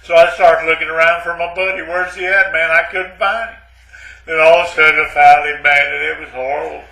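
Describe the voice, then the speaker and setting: A man's voice: on the high side, fairly even intonation, brisk, gravelly, bright, forceful tone, echoey room, poor audio. A man playing a rambling, self-pitying ex-Navy man who stammers and keeps saying "man" in a comic monologue. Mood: agitated. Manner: rambling, repeats "man" and "but anyway", stammers.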